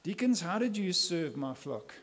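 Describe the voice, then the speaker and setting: Male pastor, slightly raised pitch, emphatic church sermon delivery. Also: very animated, moderate pace, a bit bright. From South Africa. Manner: earnest, emphatic preaching with rhetorical questions.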